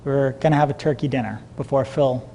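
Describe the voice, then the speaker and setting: A man giving a motivational seminar talk to a live audience, telling stories in an animated way and laughing often. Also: medium pitch, brisk, a little hiss or hum. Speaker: seminar speaker.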